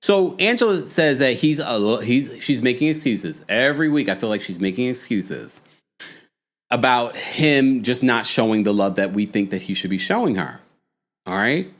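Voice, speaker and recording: Male recap host, New York accent, lively swooping pitch, quick laughs, reads chat live. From United States. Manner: animated, laughs often, acts out quotes in a high voice. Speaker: podcast host recapping a reality show. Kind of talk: live recap chat reading viewer comments.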